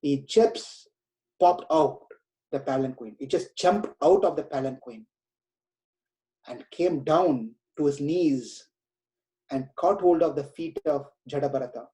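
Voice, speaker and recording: A man's voice: fairly high pitch, a little slow, warm tone. A man giving a scripture lecture, retelling a story in an earnest, explanatory way. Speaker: spiritual lecturer.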